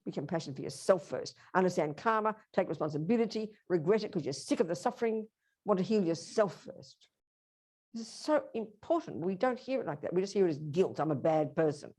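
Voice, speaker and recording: A woman's voice: medium pitch, lively intonation, a little fast, a little mellow, breathy edge. A woman teaching a Buddhist workshop, speaking emphatically and directly to her audience.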